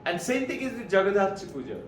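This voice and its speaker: A man's voice: very animated, fast. A man from India, giving an informal, anecdotal spiritual talk. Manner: rambling, anecdotal storytelling. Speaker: spiritual speaker. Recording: echoey room from far off, low rumble.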